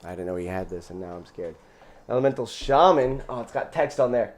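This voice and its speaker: Speaking briskly in an animated, medium-pitched voice, a man hosting a gaming channel offers laid-back commentary on his gameplay. He reasons out loud while playing and tallies up his mana.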